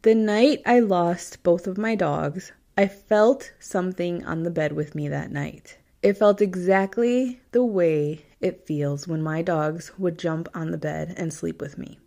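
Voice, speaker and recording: A woman's voice: on the low side, measured pace, vocal fry, hardly any pauses, warm tone. A woman hosting a podcast, reading listener stories in a casual, chatty way, often laughing and getting tearful. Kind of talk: casual chat.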